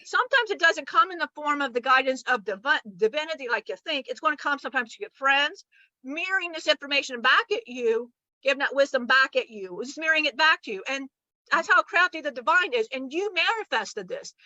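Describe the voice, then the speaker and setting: A high, bright-toned woman delivers a channeled spiritual lesson in a blunt, animated way, cursing casually. The recording is dry and a little dull, like lo-fi audio. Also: fairly quick, no echo. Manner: animated, blunt and profane, acting out quoted voices.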